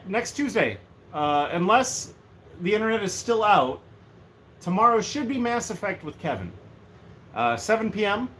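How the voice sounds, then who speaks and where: A man chatting casually and jokily on a livestream from a room at home, rambling from one thing to the next. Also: a little high. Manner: rambling, joking, animated. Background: faint heater hum.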